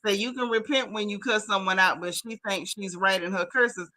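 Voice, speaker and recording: Speaking at normal speed in a mid-range voice, a woman hosts a gossip talk stream, reading comments and chatting casually and animatedly. She talks directly to her chat, calling them "y'all," "baby," and "honey."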